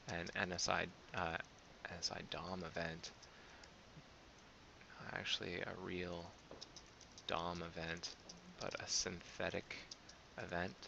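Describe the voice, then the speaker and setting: A man's voice: low-pitched, creaky, sharp tone, highs cut off, slight background noise. A man hosting a coding show, thinking aloud as he reviews code, hesitant and often correcting himself. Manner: hesitant, self-correcting, many fillers.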